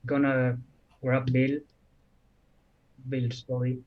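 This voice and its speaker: A man playing a tabletop game who speaks in a low-key, quiet way. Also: completely flat delivery, extremely slow. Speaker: player. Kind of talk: casual tabletop game talk. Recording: dull lo-fi mic.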